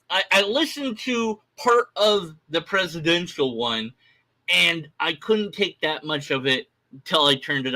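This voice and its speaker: A man's voice: a little high, bright, forceful tone. A man on a live stream, ranting in a casual, rambling way, exasperated and mocking. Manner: exasperated, restless, mocking with blah-blah mimicry.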